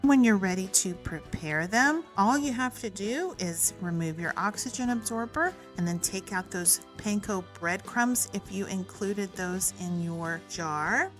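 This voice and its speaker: A woman's voice: medium pitch, animated, measured pace, few pauses. A woman, hosting a recipe tutorial in a friendly, upbeat instructional manner. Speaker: cooking channel host. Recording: faint music behind.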